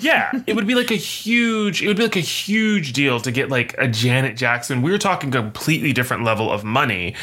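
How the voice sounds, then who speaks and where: A man co-hosting a podcast in casual chat, animated and jokey, jumping up in pitch for quoted voices. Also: fairly quick, hardly any pauses. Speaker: podcast co-host.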